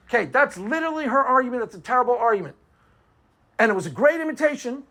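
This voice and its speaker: A man's voice: very high-pitched, very animated, quick pace, sharp tone. Combative sarcastic man lecturing. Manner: combative, sarcastic, repeats rhetorical "Why?". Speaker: apologetics commentator. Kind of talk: argumentative monologue.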